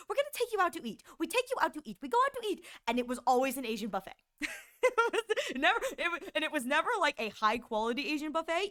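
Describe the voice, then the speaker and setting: A woman's voice: high voice, a bit bright, clear, resonant tone. A young woman streamer in casual chat, giggling often and rambling between stories.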